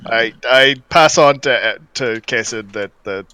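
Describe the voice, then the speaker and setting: A man's voice: medium pitch, unhurried, pushed and bright, smooth, no echo. A man chatting as a player in a tabletop game, playful and joking. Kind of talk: casual tabletop game chat.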